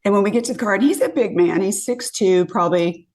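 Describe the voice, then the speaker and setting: Talking quickly at a medium pitch, a woman in her fifties shares dating stories as a podcast guest. She's animated in this casual storytelling, performing the quotes of the people involved.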